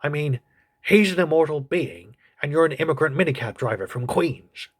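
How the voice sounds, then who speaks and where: A man's voice: on the high side, expressive, normal speed, husky. A man playing a crude gossipy old politician. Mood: snarky. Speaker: comedy reviewer. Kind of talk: comedic TV review.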